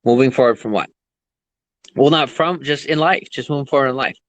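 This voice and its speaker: A young man ranting to viewers, angry and profane, swinging from low muttering to loud, high outbursts, rambling with restarts. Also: a little fast, dry recording. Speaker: vlogger. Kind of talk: emotional unscripted rant to viewers.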